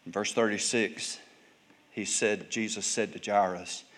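A male pastor preaching a sermon, telling Bible stories and acting out the people in them with big swings in pitch and volume. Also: steady tone, a little slow, a bit bright.

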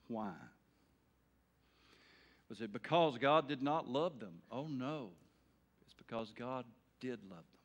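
A middle-aged male pastor preaching an evening sermon in a folksy way, swinging between loud emphatic bursts and quiet earnest talk. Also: medium pitch, unhurried, long pauses.

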